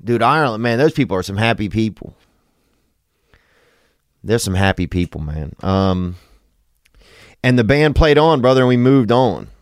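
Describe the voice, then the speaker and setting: A man's voice: fairly low pitch, lively intonation, moderate pace, pauses often, no echo, clean studio sound. A man from Louisiana, hosting a podcast in a rambling, profane, comedic monologue. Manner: rambling, profane, drawling asides. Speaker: podcast host.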